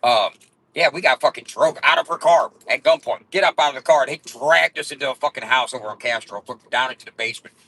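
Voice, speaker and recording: A man's voice: mid-range voice, fast, gravelly, pushed and bright, husky, rough recording. A man in his forties telling rambling, profane stories in a blunt way. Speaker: vlogger.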